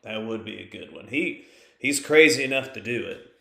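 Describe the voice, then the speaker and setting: A man co-hosting a casual movie podcast, talking in a relaxed, laid-back way with dry jokes. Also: fairly low pitch, moderate pace, vocal fry. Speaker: podcast co-host. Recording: echoey room.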